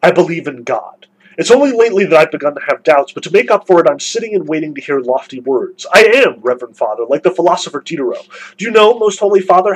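A blustering old buffoon of a father rambles through a mock-pious tale and a mock confession, read aloud by a man. The voice is husky and sits fairly high. He sounds theatrical and self-amused. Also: rough recording. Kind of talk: reading aloud from a novel.

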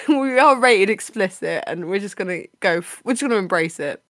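A woman's voice: medium pitch, expressive, moderate pace, fairly bright tone, dry recording, studio quality. A woman hosting a podcast, chatting casually with her co-host in a playful, teasing way, laughing often.

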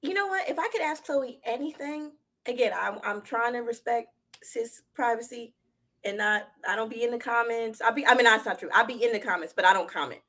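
Casting: young woman, high voice, slangy, animated gossip co-host. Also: fairly quick. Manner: animated, slangy, laughs often. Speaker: podcast co-host. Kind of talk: casual gossip chat.

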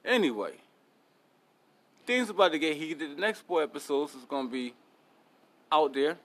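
A man's voice: fairly high pitch, expressive, normal speed, a bit bright. A young man hosting a podcast, talking casually in a blunt, profane, motivational way. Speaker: podcast host.

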